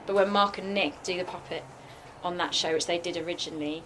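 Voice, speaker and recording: A guest puppeteer fields questions in a casual festival workshop Q&A, captured in a noisy live room. She talks briskly in a lowish, steady, slightly bright voice, and her chatty answers are full of "like" and other fillers.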